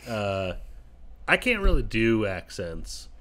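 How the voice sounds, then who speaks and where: Slow, swoopy teasing podcast host. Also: male voice, on the low side, sing-song, fairly bright tone. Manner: teasing, jokey. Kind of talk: casual chat.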